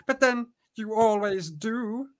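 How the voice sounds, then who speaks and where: Man putting on a shrill teasing sorceress. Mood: mocking. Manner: shrill, slow, teasing sing-song. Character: scheming nosy female sorceress.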